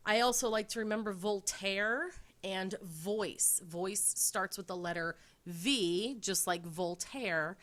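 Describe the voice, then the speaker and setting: A woman's voice: medium pitch, a bit bright. A woman teacher giving an upbeat classroom lecture over slides, explaining ideas with memory tricks.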